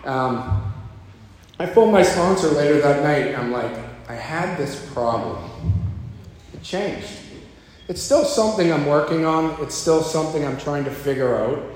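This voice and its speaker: A man telling his own recovery story at a meeting, slipping into a lower voice when he quotes others. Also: expressive, unhurried, a little mellow, a little hiss or hum. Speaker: speaker sharing at a recovery meeting. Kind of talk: personal recovery talk. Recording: echoey hall, faint ambience.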